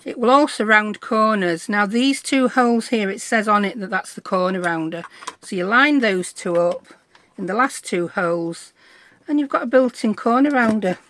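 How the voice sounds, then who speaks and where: A woman's voice: mid-range voice, moderate pace, fairly bright tone. A middle-aged woman, chatting through a crafting tutorial in a bubbly, self-deprecating way. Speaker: craft vlogger.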